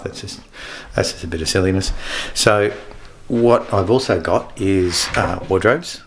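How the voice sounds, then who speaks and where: A man's voice: low-pitched, a little hiss or hum. A middle-aged man chatting casually in a self-filmed vlog from his hotel room, rambling and joking as he corrects himself. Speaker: vlogger in hotel quarantine.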